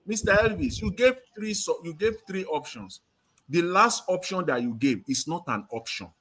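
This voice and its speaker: A man with a husky voice firmly corrects another speaker in a live-stream debate. His pitch moves a lot and he stammers at times. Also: animated, normal speed, a bit bright. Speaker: discussion participant.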